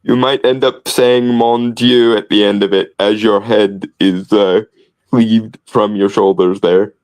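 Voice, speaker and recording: A man's voice: fairly low pitch, fairly even intonation, unhurried, a little mellow, poor audio. A man co-hosting a podcast in casual commentary, sardonic and wordy, often restarting phrases. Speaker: podcast co-host.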